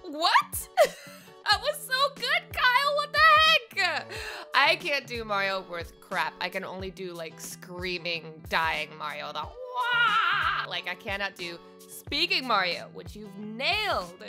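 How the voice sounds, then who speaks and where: A woman's voice: medium pitch, slow, music in the background. A young woman who is an impressionist, giving playful, bubbly feedback on viewers' voice impressions. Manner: bubbly, animated, playful critique. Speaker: impressionist reviewing viewer submissions. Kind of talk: casual chat.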